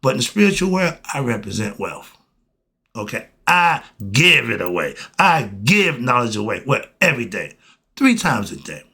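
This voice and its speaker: A man's voice: medium pitch, sing-song, moderate pace, sharp tone, slightly rough. A man giving a blunt, emphatic spiritual monologue in casual slang, asking questions and answering them himself. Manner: emphatic, asks and answers his own questions; colloquial, blunt. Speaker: host.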